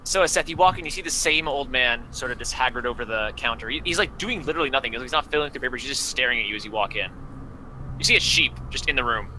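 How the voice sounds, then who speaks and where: A man's voice: medium pitch, fast talker, bright, forceful tone, slight background noise, rough recording. A man narrating as game master, rambling through descriptions with many fillers.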